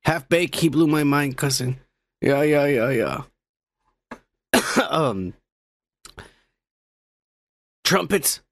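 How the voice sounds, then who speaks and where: A man's voice: a little high, animated, slow pace, no echo. A man co-hosting a podcast, grumbling and swearing in a crude, drunk, casual chat. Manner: profane, grumbling, mock-angry. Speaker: podcast co-host.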